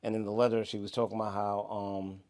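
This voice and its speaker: A man's voice: lowish voice, little pitch movement, fast, a little mellow. Laid-back New York man telling stories. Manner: laid-back, storytelling, laughs at his own stories. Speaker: podcast co-host. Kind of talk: casual chat.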